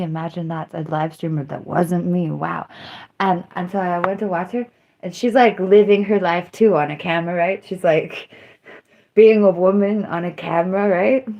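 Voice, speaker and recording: A woman live streamer chatting casually to her viewers. She rambles loosely, mocks herself and breaks into squeals and yells. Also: fairly low pitch, fairly even intonation, moderate pace, gravelly, highs cut off. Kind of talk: casual livestream chat.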